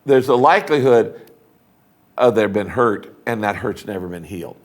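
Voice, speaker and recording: Interviewed as a guest, a retiring pastor, an older man with a fairly low voice, talks at an ordinary pace. He's animated and emphatic in a preacher's style, playing out small conversations while he speaks.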